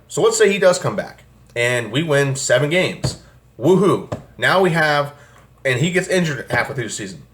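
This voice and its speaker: A young man rants at length about his football team, swearing often and sounding exasperated. His voice sits a little high for a man. He talks as a fan channel host from a room at home. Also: fairly bright tone. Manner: angry, profane, exasperated ranting. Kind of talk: ranting sports commentary vlog. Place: home room with air conditioner.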